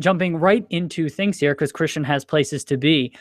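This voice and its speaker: A man co-hosting a casual soccer podcast, talking briskly and steering the conversation between segments. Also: on the high side, no room sound, studio quality. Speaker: podcast co-host.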